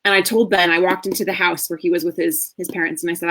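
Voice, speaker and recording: A woman in her thirties, a marriage coach, telling a candid personal story in a masterclass with earnest warmth and the odd soft laugh. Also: on the low side, level tone, quick pace. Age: 30s.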